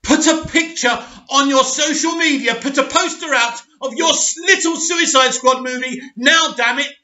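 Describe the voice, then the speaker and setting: A panicked female studio boss, as a man puts her on, shrieks orders in a very high, piercing voice. Her shouted commands ring through a roomy space. The sound is dull and lo-fi. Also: lively intonation, drawn-out words, heavily acted. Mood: frantic, bossy. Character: shrill, panicking female studio executive, bossy and frantic.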